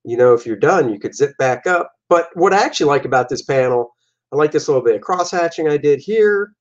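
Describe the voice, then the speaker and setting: A man's voice: fairly high pitch, expressive, brisk. A man, a comic artist and host, casually talking through his own artwork in a loose, jokey, rambling way. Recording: dull lo-fi recording.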